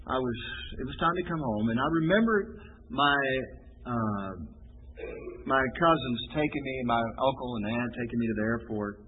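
Man, preacher, husky voice, tinny phone-like sound, sermon. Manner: animated, acts out quoted voices; lively with pitch jumps and sudden loud bursts.

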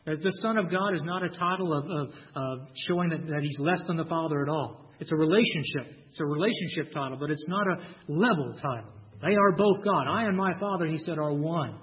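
Emphatic preacher man, muffled recording. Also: a little high. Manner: emphatic, stresses key words with slow drawn-out lines; repeats words when restarting. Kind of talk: sermon. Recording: dull lo-fi recording.

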